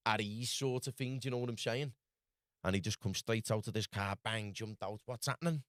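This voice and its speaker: Rambling Scouse lad telling a story. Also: male voice, on the low side, level tone, brisk, fairly bright tone, no room sound, clean studio sound. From Liverpool, England. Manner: rambling, full of "lad" and "do you know what I mean". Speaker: guest. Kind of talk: casual storytelling.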